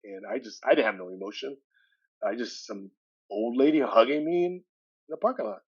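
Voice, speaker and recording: Male guest, 60s, mid pitch, lively storyteller, slightly dull sound. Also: brisk, husky. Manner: lively retelling with acted-out dialogue. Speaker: podcast guest. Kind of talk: personal storytelling.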